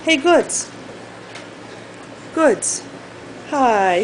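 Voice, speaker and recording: A woman's voice: on the high side, lively intonation, normal speed, a little hiss or hum, low-quality recording. A mother at home talking to her pets in a sing-song baby-talk voice, filming a casual home video.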